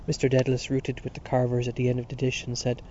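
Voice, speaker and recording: Male audiobook narrator, measured delivery, muffled lo-fi sound with faint hiss. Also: mid-range voice, monotone, mellow.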